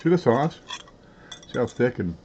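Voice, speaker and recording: A man's voice: mid-range voice, sing-song, normal speed. A man hosting a coin collecting channel, chatting casually in a folksy, rambling way while he eats on camera with his mouth full. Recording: dull lo-fi sound with faint background noise.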